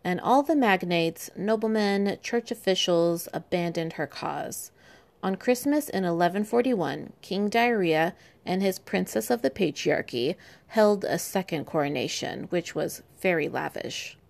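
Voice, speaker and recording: A woman's voice: fairly low pitch, lively intonation, measured pace, gravelly, darkish tone. A woman telling medieval history in an irreverent, sarcastic way, with profane asides. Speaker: history podcast host.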